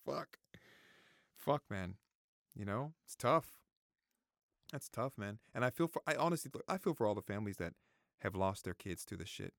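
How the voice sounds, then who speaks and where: A man's voice: lowish voice, big pitch swings, normal speed, vocal fry, long pauses, a bit bright, no echo, studio quality. A man in his thirties giving his opinions in a casual vlog, repeating himself, swearing freely and fighting back tears. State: close to tears. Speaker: vlogger. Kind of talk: casual opinion talk to camera.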